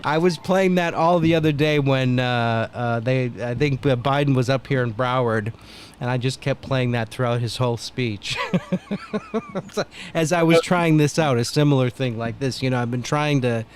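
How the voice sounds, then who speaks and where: A man's voice: mid-range voice, moderate pace, a little hiss or hum. A man hosting a casual livestream as a broadcaster, rambling with frequent laughter and trailing restarts. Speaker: host, broadcaster. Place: home studio.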